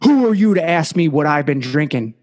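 A man doing a gruff big drunk man. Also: medium pitch, steady tone, a little slow, darkish tone, big-room sound. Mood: hostile.

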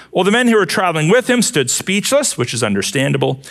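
Male pastor preaching, super animated, voice swoops all over, kinda high. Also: quick pace, gravelly, few pauses. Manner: expressive preaching with vivid rhetorical questions. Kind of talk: sermon.

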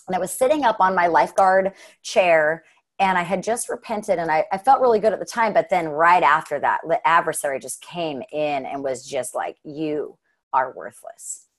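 A woman from Southern Utah, appearing as a guest, tells a heartfelt personal story in a casual, earnest manner. Her voice is fairly low and her speed normal, and she uses lots of fillers and "right?" tags.

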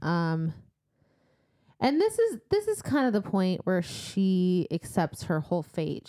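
A woman co-hosting a book podcast, retelling a novel's plot in loose, animated chat. Her voice is mellow and a little low, recorded dry and close. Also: takes it slowly, no room sound. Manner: animated retelling with fillers and laughs. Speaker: podcast co-host. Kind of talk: casual book-club chat.

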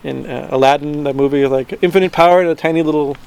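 A man's voice: on the high side, steady tone, fast talker, gravelly, darkish tone, clear, resonant tone. A man delivers an informal spiritual teaching in a slightly raised voice. He talks loosely and conversationally, often restarting sentences and tagging them with "right?". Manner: conversational, many restarts, frequent "right?" tags.

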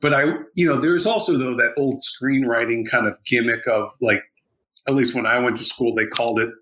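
A man's voice: medium pitch, steady tone, brisk, bright, forceful tone, low-quality recording. A man in casual podcast chat, rambling with many fillers and restarts.

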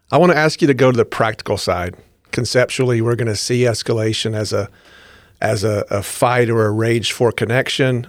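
A man hosts a podcast and asks long, winding questions. His voice is mid-pitched, and it sounds dry and close. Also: no room sound. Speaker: podcast host. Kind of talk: interview questions.

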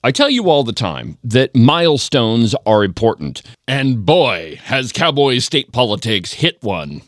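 A man's voice: mid-range voice, sing-song, a little slow, no echo. A man hosting a political podcast from a studio, with a grandiloquent, mock-pompous showman's delivery. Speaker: podcast host. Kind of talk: political podcast opening monologue. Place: radio studio.

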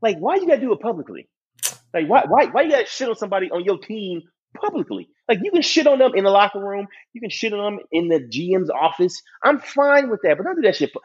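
A man rants about sports in a heated, profane way, his husky voice sitting a bit high and swinging widely in pitch. The recording is dull and lo-fi. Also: big pitch swings, fast. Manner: profane, heated ranting with mocking quoted voices. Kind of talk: casual sports chat.

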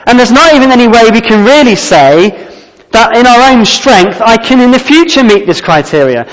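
A man preaches with earnest emphasis, repeating his key phrases. His voice sits high for a man. A long reverb trails each phrase. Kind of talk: sermon.

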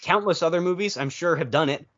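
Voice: mid-range voice, quick pace, fairly bright tone, lo-fi sound. A podcast co-host chatting casually about movies, telling long rambling stories with playful quoted asides.

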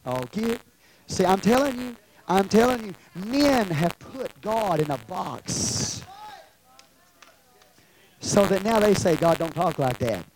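A pastor preaching a sermon, emphatic, moving from quiet passages to shouted ones. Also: mid-range voice, expressive, slow pace, pauses often, low-quality recording.

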